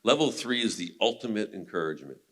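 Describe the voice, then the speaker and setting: A man's voice: fairly low pitch, expressive, quick pace, fairly bright tone. A man teaching a men's Bible study in a casual, conversational way, retelling scripture stories and laughing now and then.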